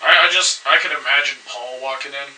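A man co-hosting a podcast in casual chat, teasing his guest and laughing through quick jokes. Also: medium pitch, pushed and bright, roomy sound, recorded from a distance, slight background noise, rough recording. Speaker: podcast co-host.

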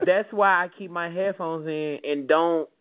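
A man telling a story in casual chat as a podcast co-host, animated and swearing, mimicking people. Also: on the high side, measured pace, smooth. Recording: tinny phone-like audio.

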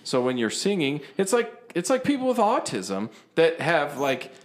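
A man's voice: a little high, huge pitch swings, moderate pace. Rambling agreeable man in casual chat. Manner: agreeable, rambling, hesitant explainer.

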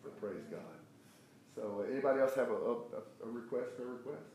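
A man's voice: medium pitch, fairly quick, a little mellow. An older man leading a prayer group, telling a long story with many restarts and fillers. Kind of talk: testimony in a group meeting. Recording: echoey room with faint background noise.

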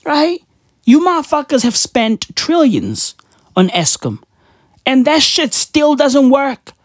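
A woman's voice: high-pitched, big pitch swings, takes it slowly, no room sound, clean studio sound. A woman ranting in a profane, mocking and indignant monologue, constantly asking her listeners "right?". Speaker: commentator.

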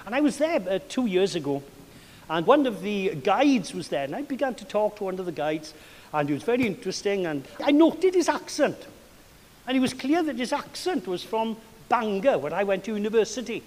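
South welsh guy preaching, really high voice, chatty storytelling, big echoey hall. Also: brisk. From South Wales. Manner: animated, chatty storytelling with self-deprecating asides. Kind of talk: sermon. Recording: long hall reverb.

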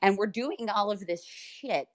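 A woman guest in a casual chat, telling stories in an animated way, swearing and laughing often. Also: mid-range voice, a little slow. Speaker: podcast guest.

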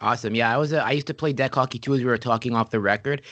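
Animated male podcast host, dry sound. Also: mid-range voice, very fast, dry recording, dull audio. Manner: animated storyteller, acts out quotes. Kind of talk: casual interview chat.

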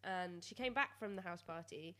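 A woman's voice: on the low side, normal speed, sharp tone. A woman from Wales telling a cheeky story in casual banter, giggling as she goes.

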